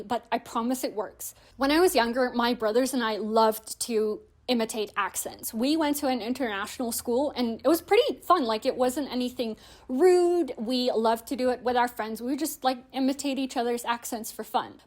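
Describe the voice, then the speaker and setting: A young woman hosting a language-learning video, explaining tips in a chatty, friendly way with frequent "like" fillers. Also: fairly high pitch. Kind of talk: casual explanatory vlog.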